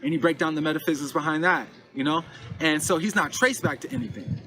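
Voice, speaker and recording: A man telling a personal story in casual, animated speech, cursing and repeating phrases. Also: a little high, quick pace. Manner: animated, profane, repeats phrases, acts out quotes. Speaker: guest telling his story.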